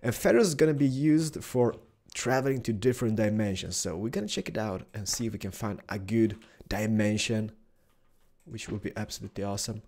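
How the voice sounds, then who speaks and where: A young man giving excitable Let's Play commentary, exclaiming and chatting to the animals he finds. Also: on the low side, fairly quick. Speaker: gaming YouTuber.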